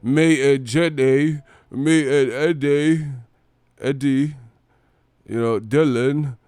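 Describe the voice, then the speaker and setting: A dreamy heavyweight boxer rambles slowly with no real point, his sentences halting and wandering off, as a man puts on the voice. The sound is smooth and clean, slightly raised above a normal speaking tone, and recorded dry and close. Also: mid-range voice, steady tone, a little mellow, dry recording, voice pushed up, close to an everyday voice. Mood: dopey.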